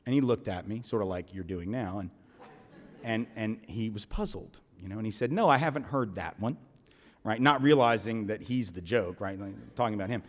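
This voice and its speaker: A man's voice: lowish voice, brisk. A man speaking to a live audience at a college event, telling a story conversationally, with frequent restarts and "right?" asides. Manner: conversational, many restarts and tag questions. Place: large lecture hall. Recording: echoey hall reverb.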